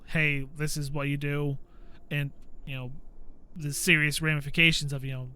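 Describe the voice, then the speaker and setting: A man hosting a gaming channel, chatting casually while he plays and acting out quotes in a high voice. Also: sharp tone, clear, resonant tone. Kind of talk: casual commentary while playing.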